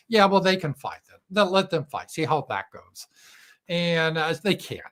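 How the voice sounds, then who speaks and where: A man's voice: fairly high pitch, big pitch swings, moderate pace, fairly bright tone. Blunt, sarcastic male political livestreamer. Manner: blunt, sarcastic, crude asides. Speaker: show host.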